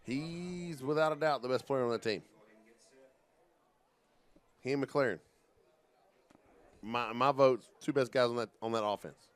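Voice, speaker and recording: A man calling live football play-by-play in an energetic, folksy, jokey way. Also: medium pitch, unhurried, pauses often. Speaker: play-by-play commentator.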